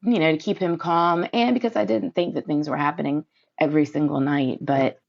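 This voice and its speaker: Low, gravelly woman on a dull line. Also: steady tone, brisk, no room sound. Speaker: guest, girlfriend of the other guest. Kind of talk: casual conversation. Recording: dull, dry sound.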